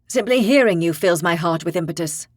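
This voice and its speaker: A woman's voice: on the low side, lively intonation, a little fast, no room sound, clean studio sound. A woman voicing an earnest young man. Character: loyal, warm-hearted young man comrade. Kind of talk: audiobook character voice.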